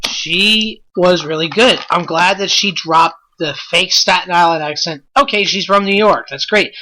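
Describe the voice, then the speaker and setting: A man's voice: sits high, moderate pace, sharp tone. A man hosting a wrestling podcast, ranting in an exasperated, blunt way with lots of rhetorical questions. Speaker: podcast host.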